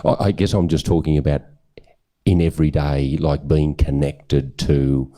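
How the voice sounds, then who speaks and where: A man asking a teacher questions in a hesitant, halting way. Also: very deep voice, steady tone, warm tone.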